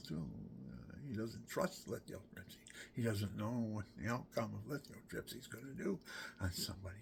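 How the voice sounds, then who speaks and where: A man in his sixties telling a rambling personal story, drifting between whispered asides and loud exclamations. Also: medium pitch, gravelly, slight background noise. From Pennsylvania, USA. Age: 60s.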